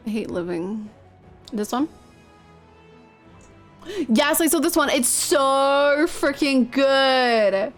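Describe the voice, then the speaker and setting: A woman game streamer with a high, expressive voice talks slowly with long pauses over faint background music. She chats casually with her viewers on a live stream, gushing and swearing freely.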